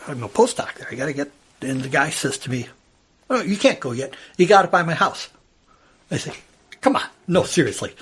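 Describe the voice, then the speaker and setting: Older guy, husky voice, tells a story with lots of ups and downs in pitch. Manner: animated storyteller, acts out quoted voices. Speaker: interviewee telling a personal story. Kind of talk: casual storytelling. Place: old house at home.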